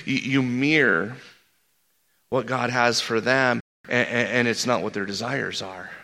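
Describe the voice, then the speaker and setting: Male pastor, sermon; gravelly, animated, climbs in pitch to stress points. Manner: animated, rising pitch on emphasis, repeats words. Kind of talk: sermon with storytelling.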